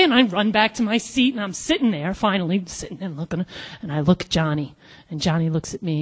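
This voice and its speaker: A woman telling a story on stage, animated and acting out the people in it. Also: lowish voice, quick pace, breathy edge, long reverb tail. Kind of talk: live storytelling performance.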